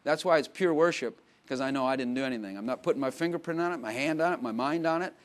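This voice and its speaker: A pastor preaches a sermon conversationally at a quick pace and medium pitch. He drops into quiet asides, rises to loud, emphatic bursts, and laughs often.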